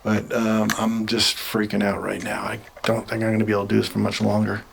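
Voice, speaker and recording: Nervous low gravelly man ghost hunting. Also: completely flat delivery, a little fast, a little hiss or hum, low-quality recording. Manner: nervous, calls out to spirits, drops to hushed whispers. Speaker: paranormal vlogger. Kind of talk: solo ghost-hunting video diary. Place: inside a house, alone.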